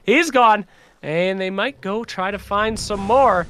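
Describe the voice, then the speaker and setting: A man calling esports play-by-play, quick and excitable, who swears now and then. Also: high-pitched, clean tone. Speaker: caster.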